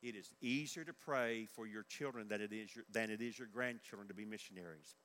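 A man's voice: on the low side, fairly quick, fairly bright tone. An older man preaching a sermon in earnest, repeating his key questions for emphasis. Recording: echoey large hall.

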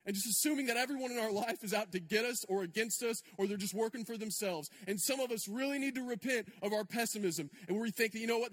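High-voiced preacher in a big hall. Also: male voice, a bit bright. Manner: conversational and emphatic, with repetitions and asides to the congregation. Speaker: pastor. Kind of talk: sermon. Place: church sanctuary.

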